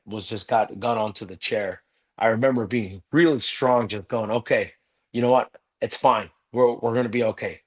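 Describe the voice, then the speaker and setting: Guy with a lowish voice telling his story in an interview, earnest. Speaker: guest. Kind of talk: personal story in a live interview.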